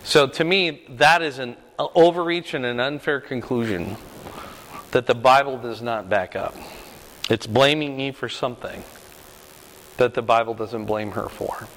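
A man leading a Bible study lesson in a relaxed, conversational way, often asking "right?" as he talks through the questions. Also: medium pitch, unhurried, in a large hall, a little hiss or hum, rough recording. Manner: conversational, frequent rhetorical "right?".

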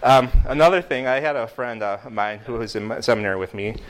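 An American man teaching a Bible class in a room with a board, lively, putting questions to the class and often restarting his sentences. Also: medium pitch, fairly quick. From United States.

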